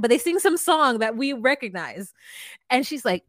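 A woman co-hosting a podcast, retelling a reality show with lots of laughter and animated storytelling. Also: fairly high pitch, a little fast, no echo, studio quality. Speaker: podcast co-host. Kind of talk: casual chat recapping a reality show.

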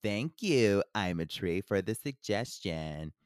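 A woman's voice: extremely low pitch, lively intonation, takes it slowly, a little mellow, no echo, clean studio sound. A woman co-hosting a casual podcast with her sisters, bossy and teasing, talking over the others. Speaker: podcast co-host.

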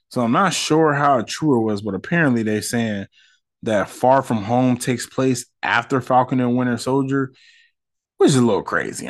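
Animated slangy man ranting. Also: medium pitch. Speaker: podcast host. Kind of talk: casual solo commentary.

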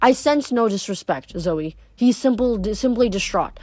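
A woman voicing a calm, stern young goddess of the hunt who speaks formally. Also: mid-range voice, moderate pace, no room sound, natural voice. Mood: calm regal.

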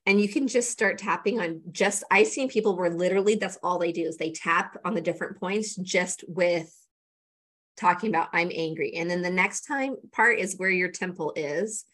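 Her voice is lowish and fairly bright, moving at a moderate pace. As a guest energy coach, she walks through a tapping routine one step at a time, chatting casually and dropping in lots of fillers while she demonstrates.

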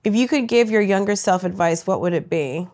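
A woman comedian answering rapid-fire interview questions with brash, crude, self-mocking punchlines. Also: mid-range voice, animated, a little mellow.

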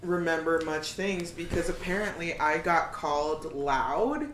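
Podcast guest, wry drawn-out remarks, echoey room, noisy background. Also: medium pitch, a bit bright. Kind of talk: casual chat.

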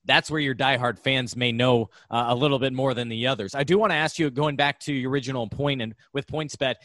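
Bright-voiced male podcast host, dry sound. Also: mid-range voice, steady tone, brisk, no echo. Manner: conversational questioning. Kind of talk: podcast interview.

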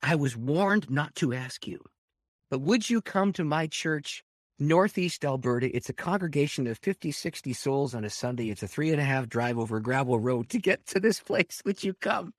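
Animated storytelling male pastor. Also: on the high side, moderate pace, no room sound, studio quality. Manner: animated storyteller, laughs often, swings between hushed and loud. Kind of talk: storytelling testimony.

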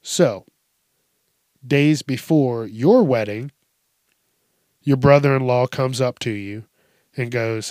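A young man drawls through a casual commentary, cursing freely and breaking into laughter. His delivery is slow and unhurried, and his voice sounds dry and close to the mic, with no room echo. He vents in playful mock outrage. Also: mid-range voice, darkish tone. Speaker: story commentator. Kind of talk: casual commentary on reader stories.

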